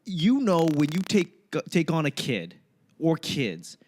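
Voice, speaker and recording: A man in his late thirties, a stand-up comedian hosting a casual podcast chat, who talks in an animated way, laughs often and acts out the lines he quotes. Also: on the high side, takes it slowly. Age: late 30s.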